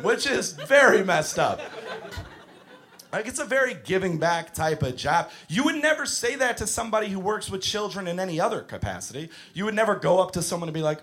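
A man doing a stand-up comedy set on a club stage, animated and breaking into shouted impressions. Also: high-pitched, a little fast.

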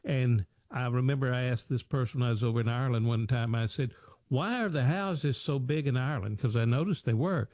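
A man's voice: medium pitch, fairly quick, few pauses, a little mellow, no echo, studio quality. An American man hosting a financial advice talk show, talking in a folksy, repetitive way with old sayings and rhetorical questions. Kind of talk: radio-style talk show monologue.

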